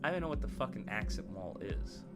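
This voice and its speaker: Male streamer with a lively, swinging delivery, rambling and cursing, loud music underneath. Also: on the low side, fast talker. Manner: loose and profane, rambling with many fillers. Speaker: streamer reacting to videos and chat. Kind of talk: casual live-stream chat.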